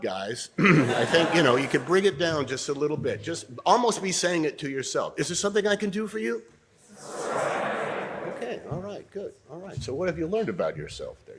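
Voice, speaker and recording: An older man giving an audience an acting exercise, coaching them and trying out lines in different tones, often clearing his throat. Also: mid-range voice. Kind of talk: interactive acting lesson in a lecture. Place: university debating hall.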